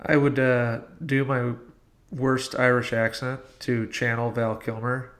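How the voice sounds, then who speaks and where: A man co-hosting a podcast in casual chat, cracking deadpan jokes. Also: mid-range voice, measured pace. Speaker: podcast co-host.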